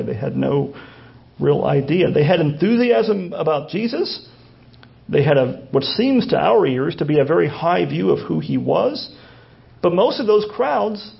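Male pastor, high gravelly voice, chatty sermon full of asides, dull lo-fi recording. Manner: folksy asides and frequent restarts. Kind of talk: conversational sermon.

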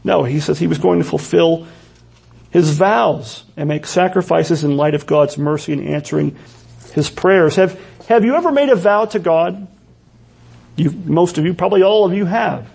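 High gravelly guy preaching in church, kinda husky, keeps asking the congregation questions. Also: normal speed, darkish tone. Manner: earnest preaching with rhetorical questions. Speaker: pastor. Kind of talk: sermon.

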